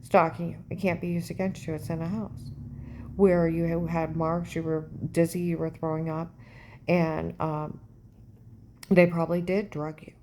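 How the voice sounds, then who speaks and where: Intense, rambling middle-aged woman, low voice. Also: little pitch movement, a little slow, dark tone, a little hiss or hum. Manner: intense, repeatedly checks in with "okay?". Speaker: vlogger. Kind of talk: rambling personal monologue.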